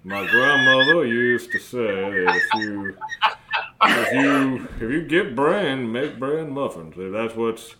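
A man's voice: mid-range voice, expressive, slow, a loud crowd. A man voicing the hovering, disembodied mouth of a wrecked male robot, rambling folksy sayings in a Minnesota accent. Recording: roomy echo, faint noise.

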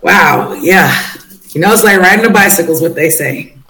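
A man's voice: high voice, normal speed. A man playing a tabletop game, hesitant and laid-back, rambling as he decides his move. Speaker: player. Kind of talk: in-character tabletop play. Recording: echoey room with faint noise.

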